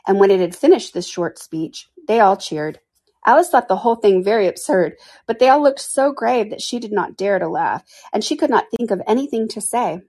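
A woman reading a children's storybook aloud in a measured way, with small slips and restarts. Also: medium pitch, animated, a little mellow, breathy edge, poor audio. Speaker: podcast reader.

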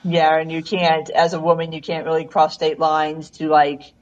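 A woman's voice: low-pitched, monotone, normal speed, lo-fi sound. A woman co-hosting a podcast, chatting casually and filling her talk with "like". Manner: chatty, heavy use of like. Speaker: podcast co-host. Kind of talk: casual call-in podcast chat.

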